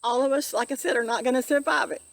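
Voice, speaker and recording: A woman's voice: high voice, steady tone, fast talker, creaky, no room sound. A woman giving an earnest, emotional spiritual monologue, preaching and repeating herself. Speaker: spiritual vlogger.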